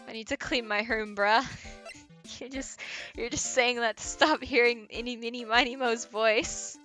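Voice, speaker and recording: A woman's voice: on the high side, fairly even intonation, measured pace, pushed and bright, soft background music. A young woman streaming a game, chatting casually with giggly, crude, self-mocking asides.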